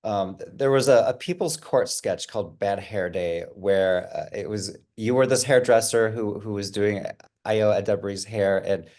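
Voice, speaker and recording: A man hosting a casual interview, asking questions in a relaxed, conversational way with fillers. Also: lowish voice, moderate pace. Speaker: interview host. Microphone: video call.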